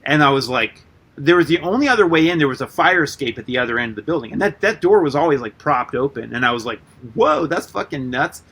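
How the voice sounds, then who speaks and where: Animated, swearing man telling stories. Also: medium pitch, fast talker. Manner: animated storyteller, swears freely, full of "like". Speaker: guest artist and musician. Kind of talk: casual storytelling interview.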